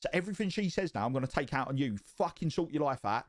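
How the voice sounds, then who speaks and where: Brief: male streamer, casual storyteller, slightly higher voice, profane and animated. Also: quick pace. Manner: profane and animated, rising excitement.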